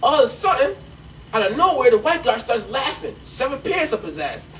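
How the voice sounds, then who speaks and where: A man hosting a podcast, telling a long joke in an animated way and laughing along with it. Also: very high voice. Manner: animated storyteller who laughs at his own punchline. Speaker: podcast host. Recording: distant mic, faint background noise.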